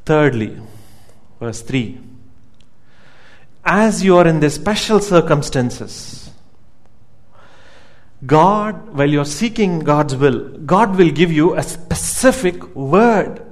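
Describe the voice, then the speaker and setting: A man's voice: on the high side, animated, slow, long pauses. A man preaching a sermon as pastor, emphatic, repeating words as he builds each point and asking the congregation questions.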